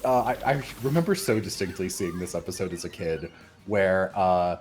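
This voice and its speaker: A man streaming, chatting casually and telling stories in a rambling, animated way with lots of swearing and filler words. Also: deep voice, normal speed, faint music behind. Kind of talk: casual chat, animated storytelling.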